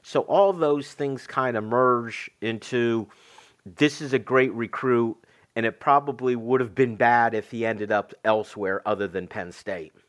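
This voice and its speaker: A man co-hosting a sports talk show, summing up points about a football recruit in a measured way. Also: mid-range voice, a bit bright.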